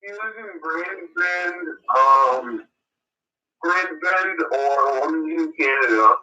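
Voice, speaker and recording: A man co-hosting a call-in show over a tinny phone line, talking quickly and thinking aloud. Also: a little high, bright, forceful tone. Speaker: co-host. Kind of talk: casual chat.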